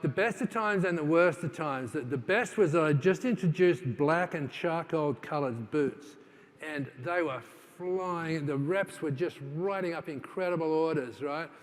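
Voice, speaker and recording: A man with a slightly high voice gives a keynote to a live audience, telling his story in a loose, conversational way full of "uh"s and restarts. He slips into the voices of people in his story as he goes. His voice carries the long reverb of a large conference hall. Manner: conversational, with many fillers and restarts; acts out quoted dialogue in his stories. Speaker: keynote speaker.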